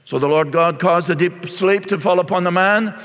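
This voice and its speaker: A middle-aged pastor, preaching a sermon and reading scripture aloud before explaining it. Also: male voice, sits high, normal speed, a bit bright. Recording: long reverb in a large hall.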